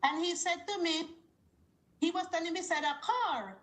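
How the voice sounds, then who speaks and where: A woman with a very high voice calls in to a talk show. She tells a long story and acts out every back-and-forth herself. Her voice comes through with a roomy echo. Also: normal speed. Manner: animated storytelling with quoted dialogue. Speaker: caller. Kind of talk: call-in story.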